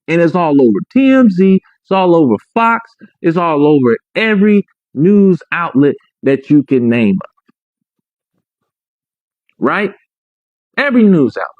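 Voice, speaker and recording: In a slightly high voice with big pitch swings, a man tells his own story emphatically, taking his time, leaving long pauses, repeating points and asking "right?". The audio is dry, muffled and lo-fi.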